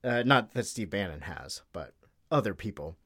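A man's voice: fairly low pitch, lively intonation, moderate pace, a bit bright. A man chatting on a podcast, rambling and joking, sometimes losing his thread. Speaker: podcast guest. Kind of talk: casual political chat.

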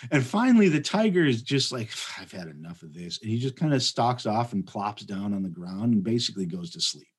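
A man telling a long story as a podcast guest, animated, with many fillers and restarts. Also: mid-range voice, a little fast, breathy edge. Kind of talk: casual storytelling.

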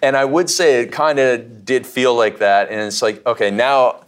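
A man's voice: mid-range voice, moderate pace. A man from the United States, a podcast guest, telling stories casually and acting out what people said, with many restarts. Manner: animated, repeats and restarts, acts out quotes. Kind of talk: casual interview storytelling.

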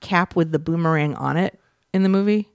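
A man chats about comics with a gravelly, fry-laden voice. The sound is close and dry, with no room around it, and he chimes in with curious quick asides. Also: fairly high pitch, no room sound. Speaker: podcast co-host. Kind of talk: casual comic book podcast chat.

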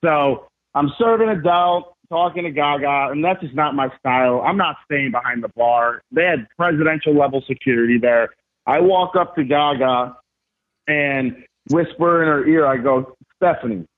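A man telling stories as a podcast guest, animated and emphatic, with slangy casual talk. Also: on the high side, normal speed. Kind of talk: casual storytelling. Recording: tinny phone-like remote line.

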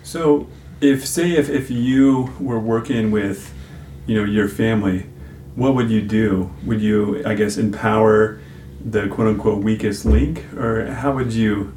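Male therapist co-host, gentle interviewer, low voice; roomy echo, faint ambience. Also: a little slow, slight background noise. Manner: gentle, prompting listener. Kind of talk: conversational interview. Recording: echoey room, faint ambience.

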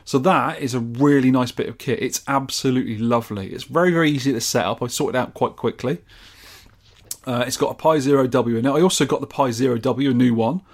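A UK man hosts a podcast, chatting casually and with enthusiasm in a medium-pitched voice at a quick pace. He rambles and keeps restarting his sentences.

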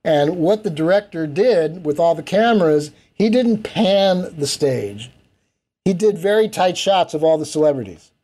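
A man with a mellow, slightly raised voice recounts a backstage memory as an interview guest. He talks animatedly, slipping into quoted voices of other people and of himself as the story unfolds. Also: a little high, lively intonation, a little slow. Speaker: interview guest, event producer.

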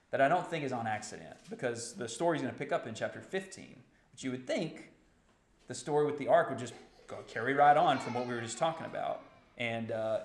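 A man preaching a sermon, animated and building to impassioned outbursts. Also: medium pitch, roomy sound, a little hiss or hum. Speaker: pastor.

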